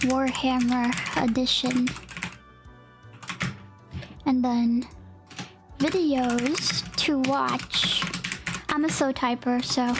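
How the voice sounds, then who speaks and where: Young woman streamer, high bright voice, unhurried bubbly chat with her viewers, soft music underneath. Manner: bubbly, gasping and giggling, greeting chatters with howdy. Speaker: livestreamer. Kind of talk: casual livestream chat, reading chat.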